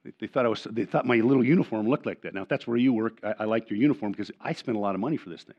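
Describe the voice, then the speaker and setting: A man's voice: lowish voice, rapid-fire. Older male pastor, earnest sermon. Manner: earnest preaching with frequent repeated words and restarts; swings between loud emphatic lines and quiet asides. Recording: dull lo-fi sermon recording.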